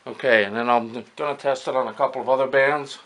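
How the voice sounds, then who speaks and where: An older man, an amateur radio operator, casually talking through an equipment demonstration step by step, pausing often as he works. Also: mid-range voice, fairly even intonation, a bit bright. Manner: talks through each step as he works, with many pauses.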